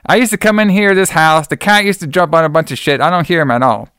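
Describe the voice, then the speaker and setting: A man's voice: fairly high pitch, animated, a little fast, vocal fry, a bit bright, dry recording, clean studio sound, pitched above the performer's own voice. A man voicing an exasperated, pushy young man while retelling a film scene. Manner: complaining, blunt.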